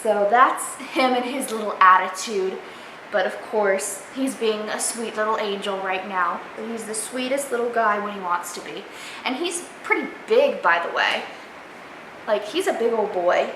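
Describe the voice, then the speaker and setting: A woman's voice: medium pitch, a little slow, pushed and bright. Young woman vlogger, chatty and doting; roomy, slightly noisy home recording. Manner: chatty, gushing baby talk to her pet. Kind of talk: casual pet tag vlog. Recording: echoey room, faint noise.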